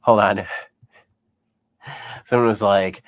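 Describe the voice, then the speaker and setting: A man's voice: low voice, steady tone, normal speed, long pauses, dry recording. A young man with chest congestion, sick, chatting casually through a commentary vlog, chuckling often and rambling with lots of fillers. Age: young adult. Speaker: YouTuber reading comments.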